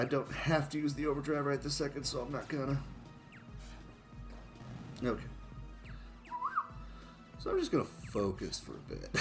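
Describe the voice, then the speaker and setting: A man giving casual, self-mocking commentary on his own speedrun of a shooter game, chuckling often. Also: on the high side.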